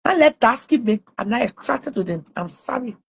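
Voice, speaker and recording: Liberian woman, high voice, mocking vlog rant with scornful laughs. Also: animated, moderate pace, creaky, husky. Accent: Liberian English. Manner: mocking, scolding, with frequent laughs. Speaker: online commentator. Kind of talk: taunting live rant.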